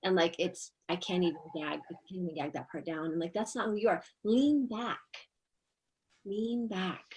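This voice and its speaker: A woman's voice: fairly low pitch, quick pace, hardly any pauses, slight background noise, poor audio. A middle-aged woman hosting a masterclass discussion, blunt, emphatic and freely profane. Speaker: masterclass host. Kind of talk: casual group discussion.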